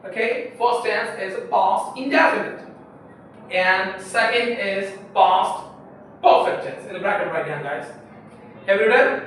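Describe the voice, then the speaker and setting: High, bright teacher. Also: male voice. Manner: explains slowly and repeats points, quizzing students. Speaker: English teacher. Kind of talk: classroom grammar lesson. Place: echoey classroom. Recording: echoey room, voice from far off, faint hiss.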